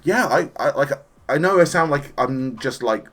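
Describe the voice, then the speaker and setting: A man talks through an anime episode in a relaxed, chatty review. He sounds enthusiastic and animated, and he slips into the characters' lines as he retells the plot. His pitch sits in an ordinary middle range. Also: moderate pace, a little hiss or hum. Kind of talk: casual spoken review.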